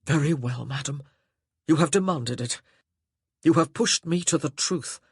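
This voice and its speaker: A man voicing a brooding, volatile nobleman who speaks low and strained, breaking into forceful outbursts. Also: unhurried, slightly rough, dry recording, clean studio sound. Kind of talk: audiobook character voice.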